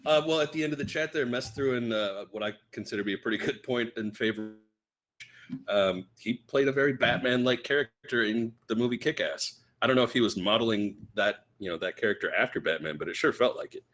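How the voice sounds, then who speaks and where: A man's voice: medium pitch, fairly quick, a bit bright. A man co-hosting a casual podcast, chiming in with dry joking remarks. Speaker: podcast co-host. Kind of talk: casual live-stream chat.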